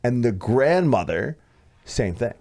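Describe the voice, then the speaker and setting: A man in his thirties co-hosting a podcast, telling a story in casual chat, animated and swearing, acting out what others said. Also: medium pitch, slow pace. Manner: animated, swearing, acts out quoted voices loudly. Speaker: podcast co-host.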